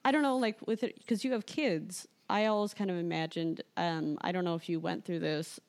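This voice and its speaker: Chatty young woman with a gravelly voice. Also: fairly low pitch, normal speed. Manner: chatty, filler-heavy with frequent "like". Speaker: podcast host. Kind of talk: casual podcast conversation.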